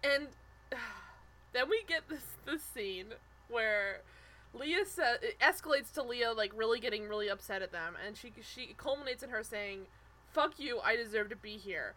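A young woman co-hosting a podcast, chatting casually about a reality show, animated and full of "like" and quick restarts. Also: a little high. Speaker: podcast co-host.

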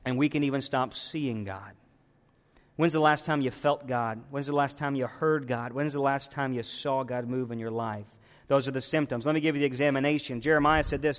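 A man pastor preaching a sermon, swinging between quiet intensity and raised emphasis, in a church. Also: fairly high pitch. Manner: preaching with rising and falling intensity. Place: church sanctuary. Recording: long hall reverb.

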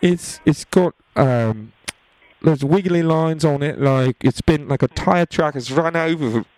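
A man putting on the voice of a polite British tourist on holiday for a prank phone call, halting and repeating himself. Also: fairly high pitch, darkish tone, dry recording, close to an everyday voice. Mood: fumbling.

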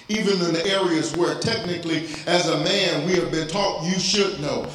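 A man's voice: high-pitched, moderate pace, fairly bright tone. A man preaching a sermon as pastor, speaking of fatherhood and lifting his voice into pleading prayer. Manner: preaching, rising to cries in prayer. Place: church sanctuary. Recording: very echoey church hall, faint noise.

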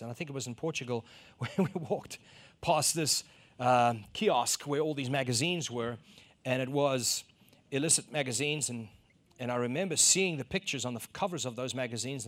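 A middle-aged South African man with a mid-range voice preaches a sermon. Telling a personal story, he acts out the exchanges he describes and rises to loud emphasis.

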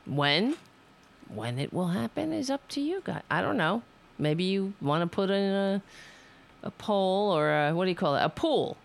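Woman streamer, gravelly voice, swings widely in pitch, swears freely and talks to herself. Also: expressive, normal speed. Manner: profane, self-scolding, rambling. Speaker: livestream host. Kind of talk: casual livestream chat.

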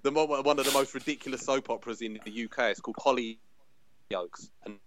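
A London-accented man talking as a guest on a casual pop-culture podcast. His pitch is a middling male one, and the recording sounds dry and close. He is chatty, laughs easily and often restarts mid-sentence. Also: brisk, a bit bright, dry recording. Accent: London English. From England.

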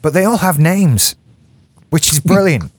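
A man, co-hosting a casual movie news podcast, chatty and quick to laugh. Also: fairly high pitch, lively intonation, slightly rough, dry recording. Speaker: podcast co-host. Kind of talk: casual chat.

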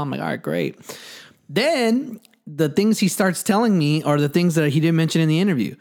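A man's voice: medium pitch, animated, a little fast. A young man in casual chat, telling a rambling, slangy story with laughs.

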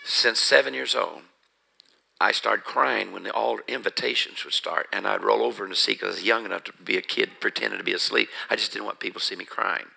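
Very gravelly, forceful preacher man. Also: fairly low pitch, brisk, rough recording. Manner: earnest storytelling, rising to emphatic. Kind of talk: personal testimony in a sermon.

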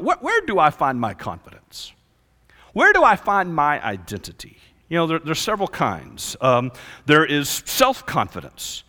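A male pastor preaching a sermon, swinging between loud emphasis and hushed lines. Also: mid-range voice. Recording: long reverb of a large hall.

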